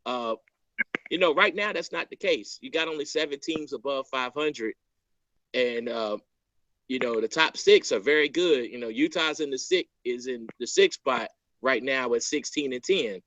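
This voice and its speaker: A man's voice: mid-range voice, normal speed, a bit bright, no room sound, dull audio. A man hosting a casual sports podcast, asking long questions with many fillers and restarts. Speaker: podcast host.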